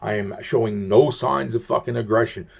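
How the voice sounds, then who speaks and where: A man's voice: medium pitch, moderate pace, creaky, husky. A man telling a long personal story in a rambling monologue, full of swearing and restarted sentences. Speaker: vlogger recounting personal events.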